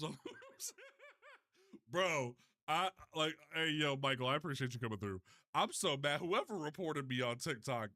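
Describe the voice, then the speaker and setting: A man with a bright, forceful voice chats loosely on a livestream. He swears freely and trips over his words, restarting sentences as he goes, in a mid-pitched everyday tone. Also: unhurried. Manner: animated, profane, stumbling restarts. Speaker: livestream host. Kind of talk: casual livestream chat.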